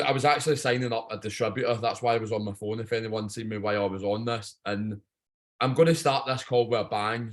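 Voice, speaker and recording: A Scottish man giving a blunt, jokey, swearing pep talk on a video training call. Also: mid-range voice. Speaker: guest speaker on a training call.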